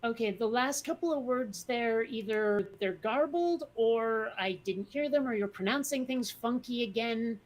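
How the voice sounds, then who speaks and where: A woman's voice: on the high side, unhurried, hardly any pauses. A woman co-hosting a podcast in casual chat, blunt and wry, rambling through her thoughts. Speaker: podcast co-host.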